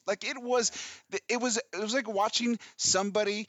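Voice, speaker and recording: A man co-hosting a casual podcast chat, telling animated stories and cracking jokes. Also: high voice, moderate pace, dry recording, studio quality. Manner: animated storyteller, joking. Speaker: podcast co-host.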